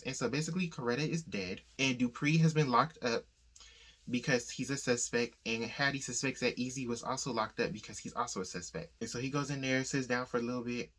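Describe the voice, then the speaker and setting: A man walks through a novel's plot in an easygoing, conversational tone, like a book channel host talking to his viewers. He tells it loosely and briefly slips into the characters' quoted lines as he goes. His voice sits at an ordinary middle pitch for a man. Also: a little fast, fairly bright tone. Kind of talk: casual plot summary.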